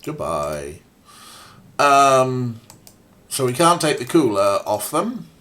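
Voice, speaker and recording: A man's voice: mid-range voice, animated, takes it slowly, a bit bright. A man casually playing a point-and-click game, reading its text aloud with wry, self-mocking remarks. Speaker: let's play streamer.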